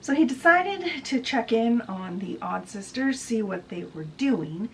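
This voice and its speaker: A woman's voice: on the high side, lively intonation, measured pace, slight background noise, low-quality recording. A woman hosting a book video, chatty and digressive as she retells a story in a casual summary.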